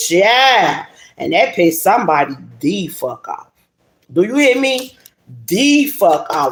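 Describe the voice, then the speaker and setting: A woman giving a casual tarot reading to her viewers, blunt and animated, cursing and laughing freely. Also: medium pitch, takes it slowly. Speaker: tarot reader. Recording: roomy echo, faint hiss.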